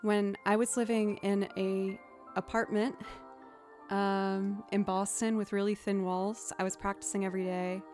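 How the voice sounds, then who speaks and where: A young woman chats on a live music stream in a casual, self-deprecating way, encouraging her viewers between takes. Her voice sits at a middle pitch, and soft music plays faintly underneath. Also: flat delivery, measured pace.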